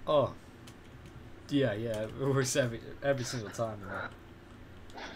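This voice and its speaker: A young man in casual gaming banter with a friend, loud and excitable, breaking into shouts and laughs. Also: medium pitch, a little slow, slight background noise. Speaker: gamer on voice chat.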